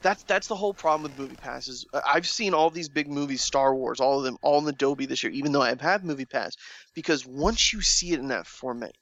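A man's voice: mid-range voice, fast, a bit bright, muffled recording. A man in casual conversation, rambling and restarting his sentences with lots of fillers. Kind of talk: casual chat.

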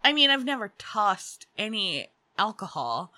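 A woman's voice: medium pitch, very animated, measured pace, bright, forceful tone. A woman in her thirties co-hosting a podcast, chatting casually and laughing often. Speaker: podcast co-host. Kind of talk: casual chat.

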